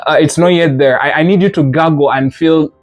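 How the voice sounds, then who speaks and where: A man's voice: fairly high pitch, fairly quick, faint music behind. Patient man teaching pronunciation drills. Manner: patient, demonstrates sounds with repetition and drills. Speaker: language teacher. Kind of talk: classroom lesson.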